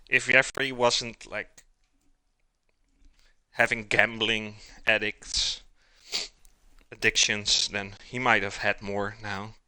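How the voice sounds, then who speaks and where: A man's voice: lowish voice, level tone, drawn-out words, long pauses, bright, forceful tone, smooth, no room sound. A man, chatting casually with his viewers during a live cooking stream in his home kitchen and chuckling often.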